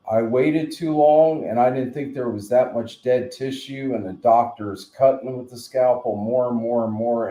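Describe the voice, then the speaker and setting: A New man chats on a late-night home live stream, drifting from story to story with a joking, rambling ease. His voice is warm and mellow, and his words ring a little in a roomy, echoey space. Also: medium pitch. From New Jersey. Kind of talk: casual live stream chat. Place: home room, in bed. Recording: roomy echo.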